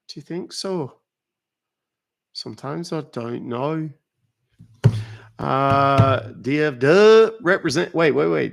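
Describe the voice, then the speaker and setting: A man's voice: a little high, unhurried, creaky. A man from North Texas, hosting a casual livestream, chatting with viewers and playing dumb with a phone caller. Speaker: livestream host baiting phone scammers.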